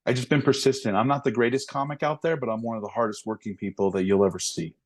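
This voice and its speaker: A man in his forties, a police officer and stand-up comic, chatting in an interview and telling jokes with lively impressions. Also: mid-range voice, quick pace. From United States. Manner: animated storyteller, slips into impressions of people. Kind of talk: casual interview chat.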